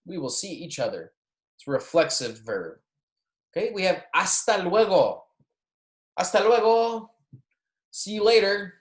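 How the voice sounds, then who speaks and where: A man's voice: sits high, sing-song, normal speed, roomy sound. A man teaching a beginner Spanish lesson, repeating phrases for students and checking in with "okay?" and "right?", with light joking asides. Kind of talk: recorded classroom lecture.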